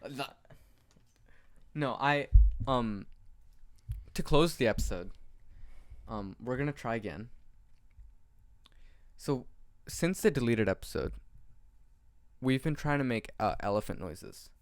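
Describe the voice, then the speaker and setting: Joking young man with a lively voice. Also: medium pitch. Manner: joking, teasing, quick asides. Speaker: podcast co-host. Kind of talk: casual chat.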